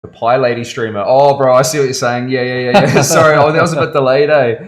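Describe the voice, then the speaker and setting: Working in a tattoo studio on a live stream, this man speaks quickly in a steady, medium-pitched voice. His chat with viewers is loose and rambling, full of "bro" and frequent laughter.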